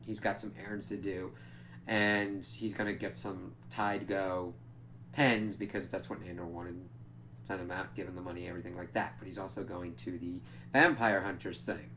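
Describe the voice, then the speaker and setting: A man's voice: sits low, fairly even intonation, moderate pace, pushed and bright, a little hiss or hum. A man giving a casual, rambling spoken review of a TV episode, with loose asides and frequent fillers.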